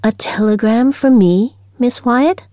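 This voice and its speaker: A woman's voice: fairly high pitch, slow, warm tone, no room sound, clean studio sound, pitched above the performer's own voice. A woman voicing an eager young music teacher. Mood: flustered. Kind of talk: storybook reading.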